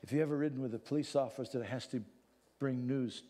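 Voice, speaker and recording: A man preaching a sermon. He swings from hushed, solemn passages to fervent near-shouting. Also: mid-range voice, steady tone, quick pace, big-room sound.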